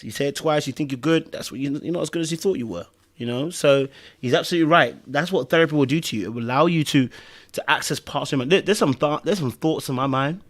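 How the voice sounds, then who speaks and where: A man's voice: fairly high pitch, quick pace. A man hosting a podcast in casual chat, rambling and checking in with "okay?" and "you know what I mean". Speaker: podcast host.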